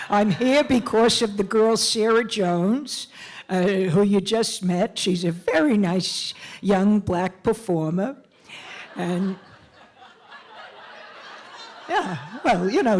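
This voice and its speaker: A woman doing a slow-talking older white lady who rambles on, tittering and tripping over herself, patronizing without meaning to, on a stage with a faint hum behind her. She keeps her pitch in an ordinary middle range. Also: rough recording. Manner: rambling, tittering, self-interrupting. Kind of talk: stage character monologue. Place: stage at a town hall event.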